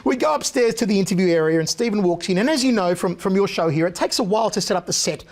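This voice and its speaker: A man, a guest on an interview show, telling animated anecdotes in a punchy, casual way. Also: sits high, fast talker.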